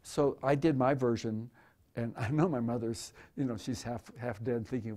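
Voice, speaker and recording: A man's voice: medium pitch, moderate pace, darkish tone. Rambling, joking man in his eighties. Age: 80s. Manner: rambling, jokey and irreverent, with stammered restarts. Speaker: photographer speaking at a museum talk. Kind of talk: live talk with audience questions. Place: museum auditorium before a live audience.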